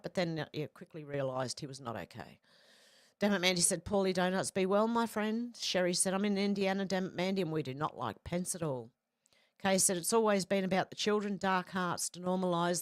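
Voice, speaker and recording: The livestream host, a woman whose voice sits on the low side, voices her viewers' comments and then adds quick, casual remarks of her own. Her studio-quality recording carries no room sound.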